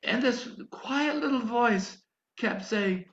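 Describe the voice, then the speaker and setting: High, gravelly older man preaching. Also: unhurried, reverberant, dull audio. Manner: animated storytelling, rising to emphatic pleading. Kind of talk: sermon.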